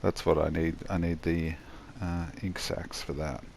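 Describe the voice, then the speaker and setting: A tired man giving a rambling, halting voice-over commentary on his own gameplay, yawning as he goes. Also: sits low, level tone, gravelly, a little mellow, slight background noise. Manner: rambling, halting, many restarts and fillers.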